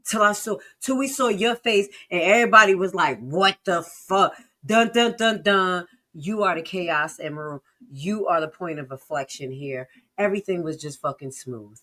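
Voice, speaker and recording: A woman streamer with reacts in heated, sarcastic bursts. She curses freely and drops from loud outbursts to low mutters. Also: normal speed, few pauses. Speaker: live-stream commentator. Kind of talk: profane reaction commentary.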